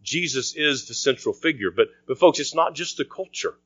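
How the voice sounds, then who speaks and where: A man preaching a sermon as pastor, earnest, often dropping to a quiet voice for emphasis. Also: medium pitch, lively intonation, moderate pace, dry recording. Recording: dry, dull lo-fi sound.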